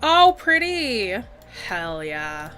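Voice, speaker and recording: A woman's voice: mid-range voice, very animated, extremely slow, pushed and bright, faint music behind. A young woman chatting casually while she draws requests, laid-back, giggly and swearing casually. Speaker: artist streamer drawing requests. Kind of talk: casual chat while drawing.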